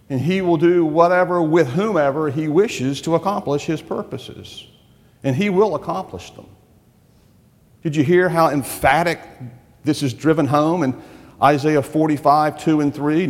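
In a church, a male pastor with a voice on the high side preaches an emphatic sermon, peppering the congregation with rhetorical questions. The sound has a big-room quality.

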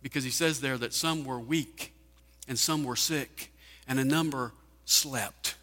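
A man's voice: medium pitch, unhurried, bright, forceful tone. A man preaching a sermon, firing off rhetorical questions with emphasis. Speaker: pastor. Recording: hall reverb.

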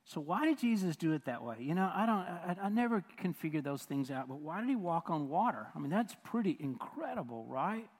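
Conversational preacher in a reverberant hall. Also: male voice, a little high, big pitch swings, fairly quick, few pauses. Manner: conversational preaching, asks the audience questions, repeats phrases. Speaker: pastor. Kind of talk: sermon.

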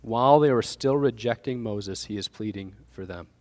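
A man's voice: on the low side, moderate pace, a little mellow, big-room sound. A man preaching a sermon, building emphasis and asking the congregation rhetorical questions. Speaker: pastor.

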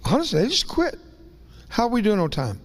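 Folksy preacher in a reverberant church. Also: male voice, sits high, wildly swooping pitch, fairly quick. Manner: folksy, rambling, self-deprecating asides; voice rises and breaks into tearful whispers. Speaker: guest preacher. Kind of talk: emotional Pentecostal sermon. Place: church sanctuary.

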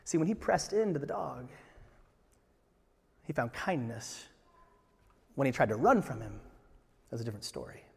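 A man preaching a sermon as pastor, animated and rising to emphatic peaks. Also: medium pitch, normal speed, gravelly, long pauses, breathy edge, in a large hall.

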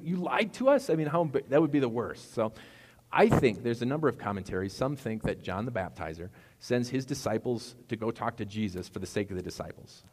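A man preaching a sermon as a pastor, talking conversationally with playful asides. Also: on the low side. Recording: long hall reverb.

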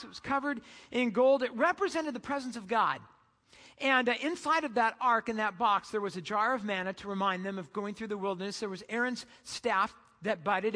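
A preacher tells a story in a casual, conversational sermon style. The voice is bright and forceful, and a long hall echo trails after the words. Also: mid-range voice.

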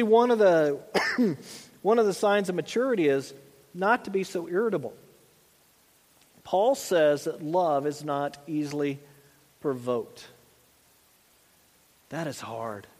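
A man's voice: sits high, takes it slowly, pauses often, darkish tone. A man in his thirties preaching a sermon as pastor, in a conversational way with frequent asides and restarts. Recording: long church reverb.

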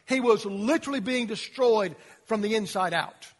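A male pastor preaching a sermon, telling the story dramatically and dropping to quiet emphasis. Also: high-pitched, normal speed, in a large hall.

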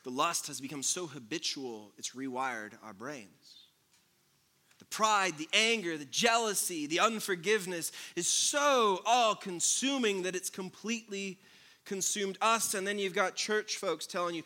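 A man preaching a sermon as pastor, mixing loud jokes with quiet, earnest passages. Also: sits high, measured pace.

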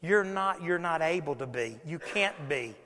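A man's voice: a little high, lively intonation, a little slow, pushed and bright, slight background noise, voice pushed down. A grave, stern old emperor speaks his verdict, as a preacher quotes him, the voice ringing in a long hall reverb. The tone is heavy and final.

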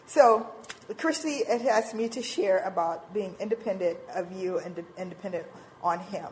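A woman in her forties giving an informal church talk on parenting, animated and acting out little quoted voices. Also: mid-range voice, moderate pace, a little hiss or hum, low-quality recording. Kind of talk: informal sermon talk with slides.

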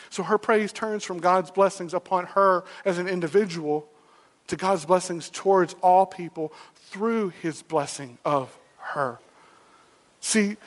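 High-voiced male pastor in a reverberant hall. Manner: preaching with rhetorical questions and emphatic repeats. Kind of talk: sermon. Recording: long reverb of a large hall.

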